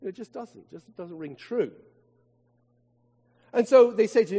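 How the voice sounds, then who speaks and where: A higher-pitched man preaching from the pulpit. He leans on rhetorical questions and slows down to stress key words. His voice carries a long reverb, as in a large church. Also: animated, warm tone, breathy edge. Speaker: vicar. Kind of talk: sermon.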